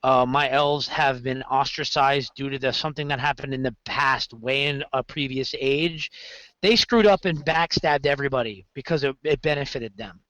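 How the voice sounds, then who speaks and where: A man's voice: mid-range voice, normal speed, no room sound, poor audio. A man chatting casually on a podcast about running his games, rambling and correcting himself as he goes. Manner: rambling, self-correcting, animated storytelling. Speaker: game master guest.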